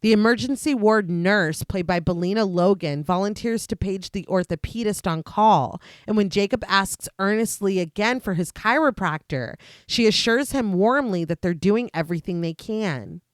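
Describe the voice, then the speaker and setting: A woman podcast host reading a steady, scripted recap of a film's plot, with dry asides. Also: medium pitch, moderate pace, hardly any pauses, no room sound.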